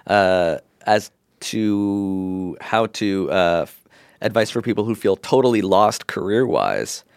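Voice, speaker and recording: This is a man with a very deep voice, co-hosting a casual advice podcast. He rambles easily from one thought to the next, filling gaps with "like" and "um." The sound is dry and close, with no room around him. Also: slow pace, clean tone, dry recording. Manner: relaxed, rambling, heavy use of "like". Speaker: podcast co-host giving advice.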